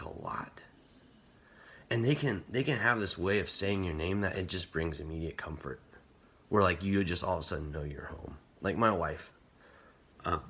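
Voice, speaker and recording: A man's voice: sits low, fairly bright tone, slight background noise. A man giving a casual, earnest youth sermon, talking conversationally with many "like" fillers. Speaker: camp speaker.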